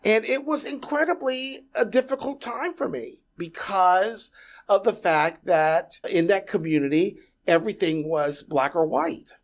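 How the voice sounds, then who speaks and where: A middle-aged man from Puerto Rico, a podcast guest, talking in a casual interview as an animated storyteller who often restarts and repeats words. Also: high voice, a little slow.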